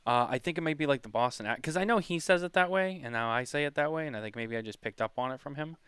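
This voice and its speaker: A man's voice: medium pitch, fast talker, a bit bright, clean tone, no echo. A man hosting a podcast in casual chat, rambling and chatty as he reads comments. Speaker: podcast host.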